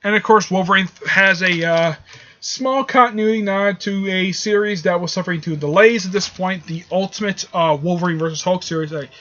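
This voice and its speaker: A man walks through a comic book issue in a loose, rambling review, stumbling over restarts and filling gaps with "uh" and "um". His voice sits high for a man and sounds bright and edgy. The audio is muffled and lo-fi. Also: fairly quick. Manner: rambling, with many fillers and restarts. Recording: dull lo-fi audio.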